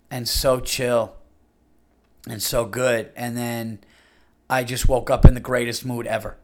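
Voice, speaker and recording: A man, under fifty, hosting a podcast in a casual monologue, blunt and crude, rambling with many fillers. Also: mid-range voice. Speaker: podcast host.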